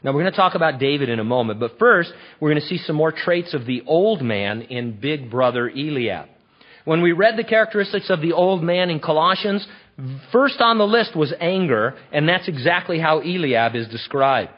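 A man preaching a sermon in an animated, conversational, emphatic way. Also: a little high, normal speed. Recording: dull lo-fi recording.

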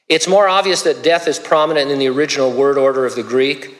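A man's voice: medium pitch, steady tone, fast, few pauses, long reverb tail. A male pastor preaching a sermon in a casual, conversational way, with stammered restarts.

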